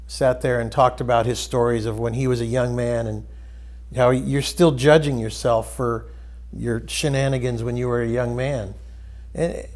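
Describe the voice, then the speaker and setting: A man hosting a spiritual discussion, retelling a story in a loose, rambling way and dropping into soft quoted voices. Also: mid-range voice. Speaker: host.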